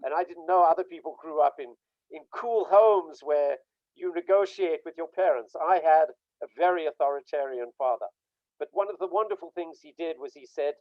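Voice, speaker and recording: A man's voice: fairly high pitch, a little fast, no room sound. Emphatic man telling stories over a dry, lo-fi call. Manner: emphatic storytelling, acts out quoted dialogue. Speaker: workshop speaker on burnout. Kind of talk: informal online talk.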